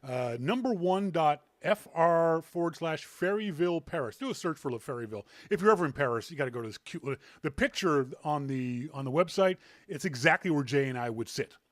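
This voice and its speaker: Man from Canada, animated storyteller, dry close sound. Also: fairly high pitch, fairly quick, few pauses, no echo. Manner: animated storyteller, laughs often. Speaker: podcast host. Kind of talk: casual chat.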